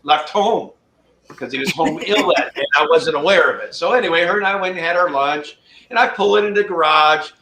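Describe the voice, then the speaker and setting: A man with a fairly high voice tells a story with lots of animation, acting out the people in it. He is heard in an echoey room with crowd sound behind him. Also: brisk. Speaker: guest storyteller. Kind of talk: casual livestream chat.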